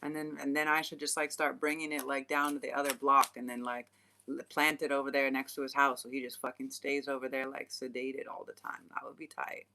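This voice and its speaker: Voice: medium pitch, flat delivery, brisk, bright, forceful tone. A young adult vlogger chatting casually, laughing often and swearing freely in loose slang. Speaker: spiritual channeler and vlogger. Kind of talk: casual rambling chat.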